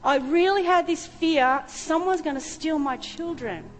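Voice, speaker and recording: A woman's voice: high voice, a little slow. A middle-aged woman preaching a sermon, telling her own story with emotion. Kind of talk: sermon testimony. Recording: reverberant hall with faint music.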